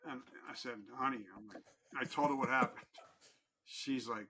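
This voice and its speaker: A man's voice: medium pitch, moderate pace, sharp tone, slight background noise. A middle-aged man telling his personal story as a podcast guest, candid and earnest, with blunt, casual language.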